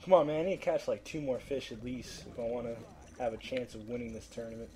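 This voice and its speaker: Over music, a fast-talking man with a medium-pitched voice narrates his gameplay casually. He swears and trash-talks the fish, coaxing and begging them to bite before turning frustrated.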